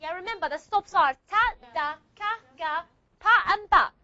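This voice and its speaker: A woman's voice: very high-pitched, moderate pace, bright, forceful tone, dry recording, lo-fi sound. A woman teaching a classroom lecture, repeating and modeling sounds and checking often that students follow.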